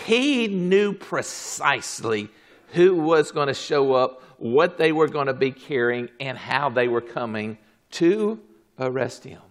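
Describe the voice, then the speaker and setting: A man preaching a fervent sermon, swinging from low murmurs to shouted exclamations. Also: lively intonation, slow.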